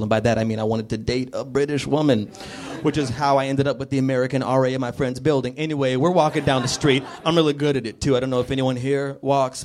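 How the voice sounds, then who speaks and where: A man performing stand-up comedy in a club, telling a story in an animated way and slipping into voices. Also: mid-range voice. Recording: live club with crowd and noise.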